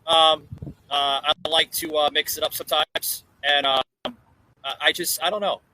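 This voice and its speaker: A man's voice: fairly high pitch, fairly even intonation, moderate pace, bright, forceful tone, rough recording. A man hosting a casual political chat podcast from an outdoor porch, talking in a rambling way with lots of fillers and restarts. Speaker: podcast host.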